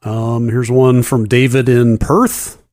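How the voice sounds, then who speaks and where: A man co-hosting a podcast, reading a listener email in a steady, matter-of-fact way. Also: mid-range voice, slow, no echo, clean studio sound. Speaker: podcast co-host. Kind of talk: casual chat and email reading.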